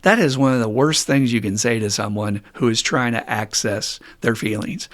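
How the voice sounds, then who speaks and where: Middle-aged man talking straight to his podcast listeners as a therapist, with blunt, candid phrasing and the odd curse. His mid-range voice stays conversational, then climbs louder and higher when he drives a point home. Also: moderate pace, hardly any pauses. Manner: candid and blunt, with mild swearing; animated, rising loud and high when mimicking people. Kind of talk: casual podcast monologue.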